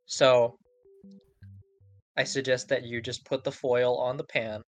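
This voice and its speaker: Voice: medium pitch, flat delivery, unhurried, soft background music. A podcast co-host in a casual chat, rambling and profane, often breaking into laughter.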